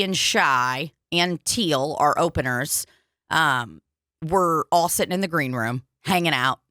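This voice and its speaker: A woman's voice: fairly low pitch, fairly bright tone, dry recording, studio quality. A woman co-hosting a comedy podcast, telling stories in casual chat, swearing freely and acting out what people said. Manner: swears freely, acts out quotes. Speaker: podcast co-host.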